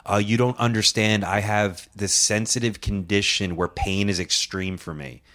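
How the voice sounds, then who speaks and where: A man's voice: fairly low pitch, steady tone, normal speed, sharp tone. A man on a casual podcast, telling a rambling story with lots of swearing and acted-out quotes.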